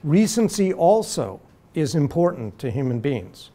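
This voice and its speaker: A man giving a university law lecture in a deliberate, measured way, slowing to stress key terms. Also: on the high side, sing-song, warm tone.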